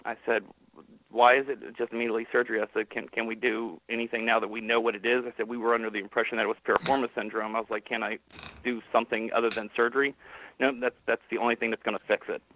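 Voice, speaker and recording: A man's voice: medium pitch, little pitch movement, quick pace. A man calling in and plainly telling a personal story, quoting the people he met along the way. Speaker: caller. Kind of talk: personal story on a call-in stream. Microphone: phone. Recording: tinny phone line.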